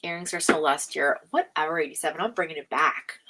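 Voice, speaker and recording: A woman hosting a live tarot stream, chatting casually, reading out viewer comments, laughing often and slipping into hushed asides. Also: sits low, a little fast, background noise.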